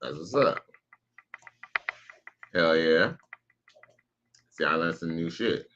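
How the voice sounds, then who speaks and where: A man's voice: deep voice, takes it slowly, fairly bright tone, highs cut off. A man casually commenting on a live stream, slangy and profane, reacting to clips and reading out chat. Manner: laid-back, slangy, profane, reads out chat messages.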